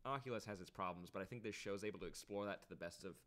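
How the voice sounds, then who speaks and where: A man's voice: fairly low pitch, rapid-fire, a bit bright. A man co-hosting a casual podcast, talking in a loose, rambling way with lots of fillers. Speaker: podcast co-host.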